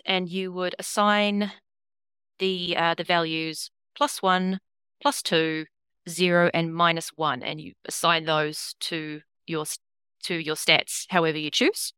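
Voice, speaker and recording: A woman game master explains the rules in a loose, rambling way and swears casually. Her voice is bright and crisp, and the sound is dry and close. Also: on the low side, no room sound.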